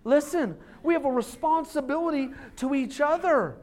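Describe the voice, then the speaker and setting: A lead pastor in his thirties preaches a sermon in his church sanctuary, his very high, slightly mellow voice at normal speed. He talks chattily and informally, as if across a table, slipping into short quoted voices to make his points.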